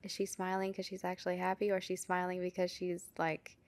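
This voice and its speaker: A woman's voice: fairly low pitch, monotone, brisk. A young woman co-hosting a casual podcast chat, earnest and questioning, filling her talk with "like.". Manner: earnest, questioning, heavy "like" fillers. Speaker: podcast co-host.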